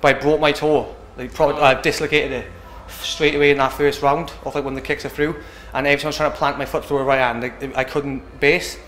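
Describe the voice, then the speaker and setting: Young man, British fighter, casual rambling, quick, echoey room, faint background hum. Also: a little high, flat delivery, fairly bright tone. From Britain. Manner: rambling, casual, keeps asking "do you know what I mean". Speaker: MMA fighter. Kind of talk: post-fight interview.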